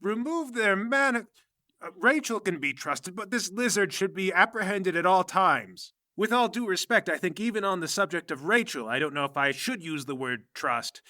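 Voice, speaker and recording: Man playing an officious woman warden, formal, fawning, bright, dry, tabletop game. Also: high-pitched, animated, moderate pace, few pauses, no echo, voice pushed up. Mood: wary. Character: officious female prison warden, stern.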